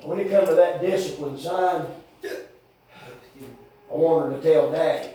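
A man preaching a folksy, rambling sermon with sudden shouted bursts in a church. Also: on the high side, takes it slowly. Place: church hall. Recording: very echoey church from far off.

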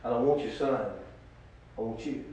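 A man preaching a testimony sermon, swinging from shouts to hushed talk. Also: mid-range voice, steady tone, moderate pace. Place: church hall. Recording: echoey hall from far off.

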